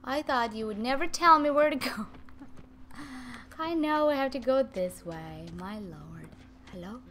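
A young woman giving chatty, excitable let's-play commentary, talking to her viewers and shushing her cats. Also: high voice, unhurried, a little hiss or hum. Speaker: gaming video host. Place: home room with cats nearby.

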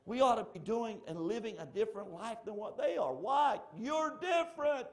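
Fervent preacher swinging loud to hushed. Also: male voice, sits high, a little fast. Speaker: pastor. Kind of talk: sermon. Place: church sanctuary.

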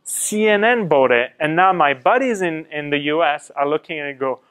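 Lively middle-aged man from France teaching a class. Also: on the high side, normal speed, clear, resonant tone. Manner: lively storytelling, quotes others in acted asides. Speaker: guest speaker presenting to students. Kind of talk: classroom talk with questions to students. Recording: fuzzy mic.

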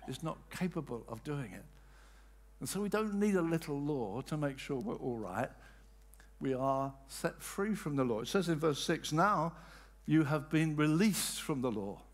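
An older man delivers a sermon from the pulpit, his voice sitting a little higher than most men's. He swings between soaring emphasis and quiet, settled statements, and acts out the people in his stories as he tells them. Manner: animated preaching, voice rising and falling with emphasis; tells anecdotes with dramatic quoted voices. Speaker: pastor.

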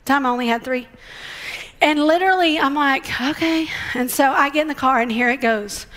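High-voiced woman preaching. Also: moderate pace. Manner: animated, conversational storytelling with acted-out quotes. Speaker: guest speaker. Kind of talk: sermon.

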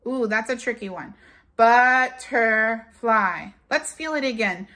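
A woman teacher leading a morning lesson for young children, speaking slowly and clearly and repeating words so the class can follow along. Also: fairly high pitch, expressive, bright, forceful tone. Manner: slow, clear, drawn-out classroom delivery; switches into Spanish for the date.

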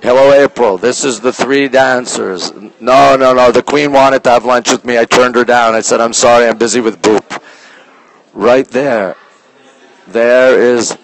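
A man hosting a casual live stream from a phone as he walks through an art museum, reading out artwork titles slowly and greeting viewers by name, sometimes dropping his voice low. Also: steady tone. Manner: talks low at times to keep quiet. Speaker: livestream host touring a museum. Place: indoor art museum gallery.

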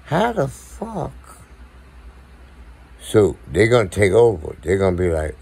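A man with a deep, husky, gravelly voice talks straight to his viewers. He is blunt, profane and repetitive, speaking slowly with wide swings in pitch. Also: big pitch swings, a little mellow. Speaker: podcast co-host. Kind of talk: casual monologue to viewers.

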